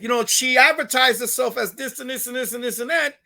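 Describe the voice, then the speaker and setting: Animated Puerto Rican New Yorker, gravelly. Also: male voice, very high voice, a little fast. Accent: New York Puerto Rican. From Puerto Rican from New York. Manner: animated, profane, mixes Spanish phrases, acts out voices. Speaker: comedian and radio host, guest. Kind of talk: casual interview storytelling.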